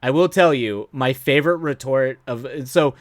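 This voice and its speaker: A man's voice: medium pitch, normal speed, dry recording. A man hosting a live stream, chatting loosely with viewers, often trailing off, restarting sentences and laughing at his own stories. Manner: rambling, self-interrupting, laughs often. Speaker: streamer host. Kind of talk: casual live-stream chat.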